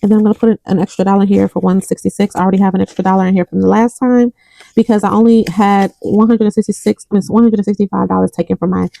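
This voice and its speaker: A woman's voice: medium pitch, steady tone, rapid-fire, vocal fry, warm tone, poor audio. A young adult woman vlogging about her budget, counting bills aloud and telling a story between counts. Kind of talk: casual chat while counting cash.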